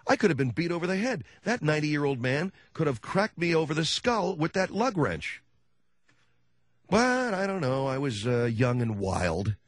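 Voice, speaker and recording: Brief: middle-aged male host, sardonic monologue, swinging pitch, dry close sound. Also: moderate pace, dry recording. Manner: animated, sardonic, dark humor. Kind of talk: comic storytelling monologue.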